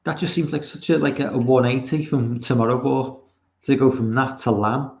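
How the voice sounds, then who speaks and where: A man's voice: medium pitch, fairly even intonation, moderate pace, vocal fry, darkish tone, echoey room, muffled recording. A man from Liverpool with a Liverpool accent, hosting a casual live commentary stream and rambling with plenty of swearing. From Liverpool, England.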